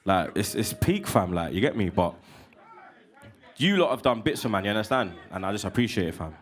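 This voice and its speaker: A man, chatting casually as a regular fan guest, full of slang and animated asides. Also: fairly low pitch, brisk. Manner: heavy street slang, animated, laughing asides. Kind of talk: casual chat.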